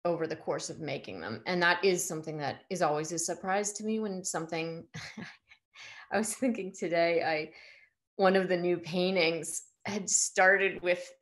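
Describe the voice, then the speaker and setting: Halting, hesitant woman artist in her forties. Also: on the low side. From United States. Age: 40s. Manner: hesitant, halting, many restarts. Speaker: artist guest. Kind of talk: casual conversation.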